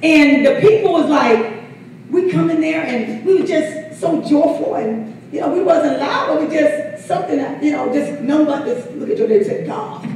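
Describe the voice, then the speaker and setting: Woman pastor, lively storytelling preacher; distant mic. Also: sits high, normal speed, slight background noise. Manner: storytelling, laughing, calls for responses. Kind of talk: preaching at a Bible study. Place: church hall. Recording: roomy echo, far from mic, congregation.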